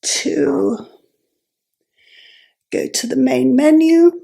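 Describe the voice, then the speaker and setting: A woman vlogger explaining step by step, her voice croaky and gravelly and breaking into breathy whispers, speaking in halting, self-correcting phrases. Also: high voice, mellow. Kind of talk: explaining while adjusting a device.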